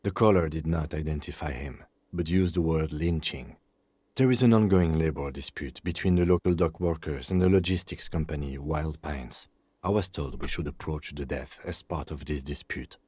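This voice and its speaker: Calm, low police lieutenant. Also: male voice, slightly rough, no echo. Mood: composed. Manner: measured, matter-of-fact. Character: calm reserved middle-aged police lieutenant.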